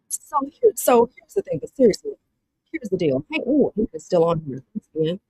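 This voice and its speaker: Animated Southern woman streaming live. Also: fairly high pitch, moderate pace, husky, no room sound, rough recording. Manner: animated, repetitive, addresses viewers directly. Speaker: livestream host. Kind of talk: live-streamed dating talk, reading viewer comments.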